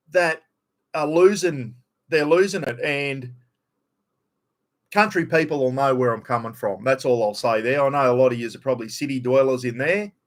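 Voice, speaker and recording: A middle-aged man with a broad North Queensland Australian accent, rambling bluntly and swearing freely during a casual live stream chat. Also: on the high side.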